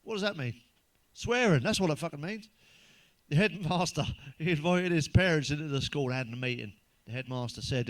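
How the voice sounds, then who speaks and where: A man's voice: a little high, brisk. A middle-aged man telling crude jokes in a blunt stand-up monologue, swearing constantly. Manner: blunt, heavy swearing, does character voices in jokes. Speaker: stand-up comedian.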